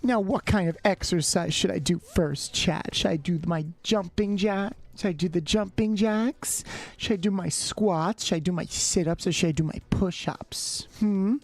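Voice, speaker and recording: A woman putting on a soft, coaxing, doting motherly voice during a live stream. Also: on the low side, normal speed. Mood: teasing.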